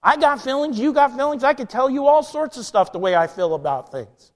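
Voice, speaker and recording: A male pastor preaching a passionate sermon, swinging between loud emphatic lines and quiet, low ones. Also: lively intonation, a little fast.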